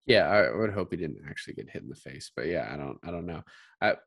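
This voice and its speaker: A man co-hosting a casual podcast, relaxed and given to laughing as he talks about a film. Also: sits low, fast, gravelly, no room sound. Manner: relaxed, laughs often, quotes film lines in passing. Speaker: podcast co-host.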